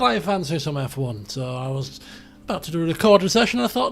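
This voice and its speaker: A man's voice: high-pitched, lively intonation, fast, creaky, fairly bright tone. A man streaming a racing management game, chatting casually in a rambling, self-deprecating way. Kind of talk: casual live-stream commentary.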